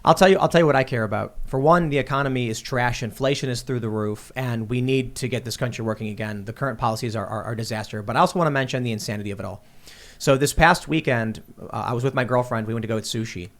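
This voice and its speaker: A man's voice: medium pitch, quick pace. A man co-hosting a political podcast in a studio, telling a story in a heated rant and acting out the back-and-forth. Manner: animated, ranting storyteller who acts out exchanges. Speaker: co-host. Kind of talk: heated political panel talk.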